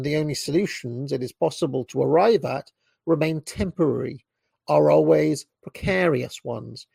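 British man reading aloud, gravelly voice. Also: on the high side, darkish tone, no room sound. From Britain. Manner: measured reading, stumbles and self-corrections. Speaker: reader. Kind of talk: reading a book aloud with asides.

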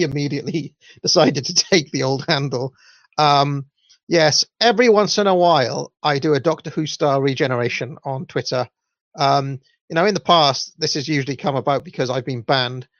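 Here a young adult podcast host with a Welsh accent chats loosely about listener comments, his talk full of ums and uhs. His tone is a bit bright. The recording sounds dry, dull and low in fidelity.

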